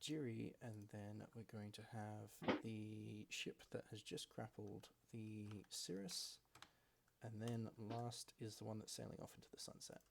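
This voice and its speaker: Game master type: man narrating a tabletop session, relaxed and explanatory. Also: lowish voice, measured pace, vocal fry, background noise.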